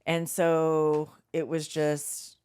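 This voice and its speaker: This woman co-hosts a podcast, chatting casually and telling animated stories, acting out quotes and swearing freely. Her voice is deep, clear, and resonant, and she speaks extremely slowly.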